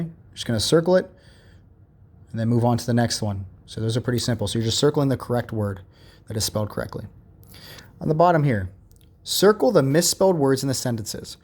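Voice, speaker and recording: A man's voice: medium pitch, darkish tone. A young male teacher walking children through a worksheet in a recorded remote lesson, patient and step by step, with many checks like "all right" and "okay".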